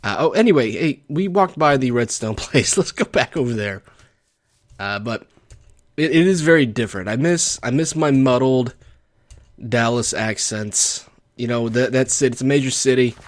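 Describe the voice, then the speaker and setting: A man's voice: medium pitch, moderate pace. A young adult man with a Texan accent, rambling wryly and chattily as he comments on his own gameplay. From Texas. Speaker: let's play gamer.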